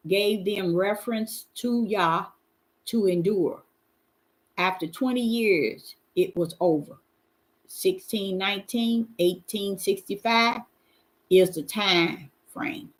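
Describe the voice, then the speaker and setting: A middle-aged woman leads a Bible Q&A before a live audience, preaching informally in a folksy, emphatic manner and calling out to her listeners as she answers. Her mid-range voice takes things slowly.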